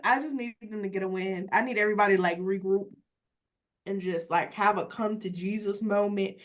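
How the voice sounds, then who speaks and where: A woman's voice: sits high, fairly bright tone. A woman hosting a casual sports podcast, talking emphatically with lots of cursing and "like". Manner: emphatic, profane, frequent "like". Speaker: podcast host.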